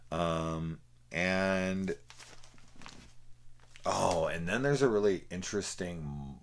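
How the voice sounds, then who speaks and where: Give me a man with an extremely low voice, chatting loosely through a film review. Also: takes it slowly, long pauses. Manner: rambling, lots of fillers and laughs.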